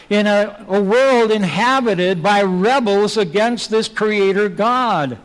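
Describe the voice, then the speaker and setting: A male preacher delivers a sermon at an unhurried, deliberate pace, pressing his listeners with repeated rhetorical questions. His voice sits fairly high for a man. It rings out with a long reverb, as if in a large church hall.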